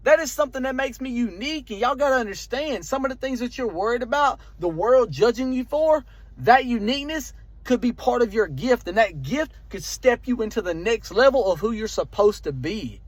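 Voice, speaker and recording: A young man with a Southern country accent and a slight lisp, giving a fast, emphatic motivational talk to camera. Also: very high voice, expressive, no room sound. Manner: fast, emphatic, repetitive preaching rhythm. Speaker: vlogger.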